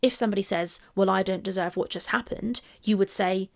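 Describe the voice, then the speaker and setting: A woman with a calming voice giving measured commentary, reading messages aloud and asking pointed rhetorical questions. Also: medium pitch, creaky, lo-fi sound. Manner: analytical, emphatic rhetorical questions.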